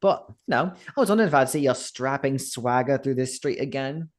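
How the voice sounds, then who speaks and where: A woman's voice: animated, brisk. The game master, a man, voicing a brash, flirtatious streetwalker woman in a tabletop game, talking bawdy and teasing. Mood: chatty. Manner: bawdy, teasing, high and bright.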